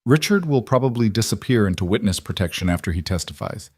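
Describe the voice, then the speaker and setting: A man's voice: on the low side, animated, fast, breathy edge, no echo, clean studio sound. A man reading the lines of a fierce, protective woman executive in a firm, emotional tone. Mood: earnest.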